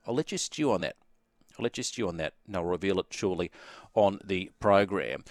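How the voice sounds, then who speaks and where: A man's voice: low voice, expressive, brisk, no room sound, studio quality. A man with an Australian accent hosting a sports radio quiz and chatting easily with callers in a jovial way. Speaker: radio host.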